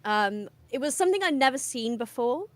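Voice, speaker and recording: An English woman with a southern accent that is hard to place, chatting as a guest on a stream. She is bubbly and giggly, and she rambles from one point to the next. Her voice sits a little high. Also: animated, a little fast, dry recording. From England. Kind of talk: casual chat on a stream.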